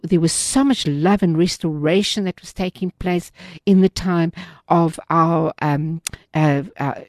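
A woman's voice: lowish voice, a little slow, dry recording, clean studio sound. A woman hosting a Christian program, sharing an earnest, devout testimony and reading scripture, often restarting her sentences.

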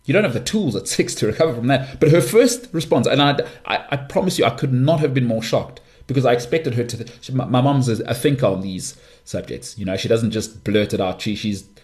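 A man hosting a podcast, delivering an impassioned monologue with forceful, repetitive emphasis. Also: lowish voice. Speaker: podcast host.

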